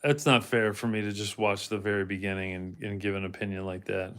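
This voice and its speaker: A man's voice: lowish voice, flat delivery, a little fast, fairly bright tone, smooth. A man hosting a casual livestream in a rambling way, reading out chat comments and talking to his dog now and then. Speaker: livestream host.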